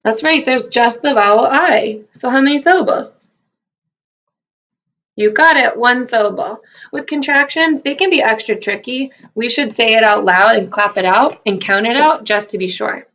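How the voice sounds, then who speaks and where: Sounding out letters and syllables, a woman teaching first grade gives a recorded phonics lesson in a slow, clear, upbeat and encouraging way. Her voice is on the high side with a fairly bright tone.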